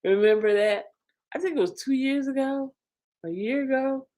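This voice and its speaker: A woman hosting a casual live stream, chatting with her viewers in a lively, talkative way and laughing often. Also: sits high, normal speed. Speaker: livestream host.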